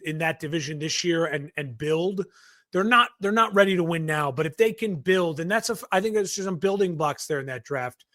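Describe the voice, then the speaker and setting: A man with a fairly high voice chats animatedly on a sports podcast, jumping into little impressions and restarting his sentences. The sound is dry and close, with almost no room in it. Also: no room sound. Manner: animated, acts out quotes, restarts often. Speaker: podcast co-host. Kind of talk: casual sports chat.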